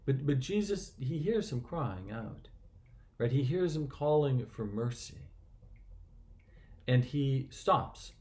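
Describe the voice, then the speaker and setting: A man's voice: medium pitch, animated, slow, darkish tone. A man reading a scripture passage and then reflecting on it in an earnest, conversational way, often restarting his sentences. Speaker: church reflection speaker.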